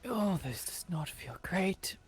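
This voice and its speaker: An actor voicing an undead vampire in a game, speaking in a husky, breathy, strained whisper with formal, measured phrasing. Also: medium pitch, animated, faint music behind. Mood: pained.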